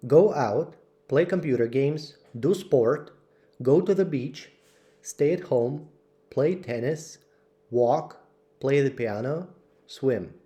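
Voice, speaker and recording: A man slowly reading out English vocabulary lists for learners, word by word with clear pauses. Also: medium pitch, lively intonation, warm tone. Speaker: English teacher. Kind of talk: slow vocabulary drill.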